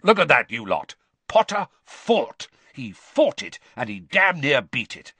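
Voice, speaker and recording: A man's voice: mid-range voice, sing-song, a little slow, bright, forceful tone, no room sound, pitched above the performer's own voice, exaggerated voice. Mad-Eye Moody, growling old wizard voiced by a man. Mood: gruff praise. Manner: growling, barking. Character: gruff grizzled male wizard teacher, fierce.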